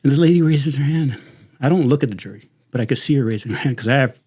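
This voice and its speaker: A man's voice: mid-range voice, fast, noisy background. A middle-aged man with a Southern Californian accent, a retired sheriff's deputy, telling profane, laughing anecdotes in casual talk. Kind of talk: casual storytelling.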